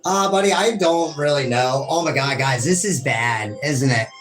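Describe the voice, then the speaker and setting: A man's voice: mid-range voice, moderate pace, music in the background. A man hosting a video game playthrough, rambling and apologizing to his viewers in casual, swear-laced talk. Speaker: gaming host. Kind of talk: let's-play commentary.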